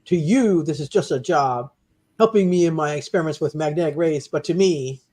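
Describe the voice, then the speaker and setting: A man's voice: a little high, mellow, natural voice. Man reading as a brooding young scientist. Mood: determined. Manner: reading aloud, measured and dramatic. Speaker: comic reader.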